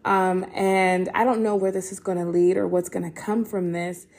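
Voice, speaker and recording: An emotional young woman on the edge of tears gives heartfelt encouragement as a podcast host. Her voice is low-toned, mellow and gravelly with vocal fry. She talks in a casual, earnest way, full of ums and restarts. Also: flat delivery, moderate pace. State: emotional, holding back tears. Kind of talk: casual faith-based encouragement talk.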